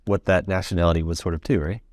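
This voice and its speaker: American male podcast host, lowish voice, eager rambling chat; dry close mic. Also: fairly even intonation, quick pace, dry recording. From United States. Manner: enthusiastic, rambling, filler-heavy. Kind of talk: casual interview chat.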